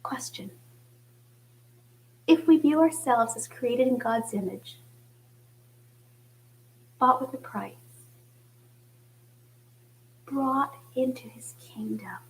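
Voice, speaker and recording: A woman, a mother, preaching a reflective sermon in church, often dropping to a soft, hushed voice. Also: a little high, slow pace, long pauses, poor audio. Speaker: church speaker.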